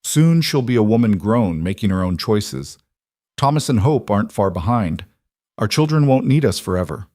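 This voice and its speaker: A man reading the lines of a hopeful frontier widow in a soft, earnest voice, in an audiobook. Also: fairly low pitch, expressive, normal speed, dry recording, studio quality.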